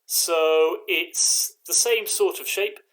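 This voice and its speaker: Choir director guy going through rhythms really slowly, patient, chanting ta ta ta. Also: high voice, a bit bright. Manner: patient, clapping out rhythms with drawn-out syllables.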